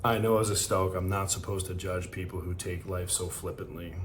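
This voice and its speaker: A man's voice: deep voice, steady tone, a little fast, slight background noise. A man hosting a podcast, delivering a fervent, emotional motivational monologue. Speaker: podcast host. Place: hotel room.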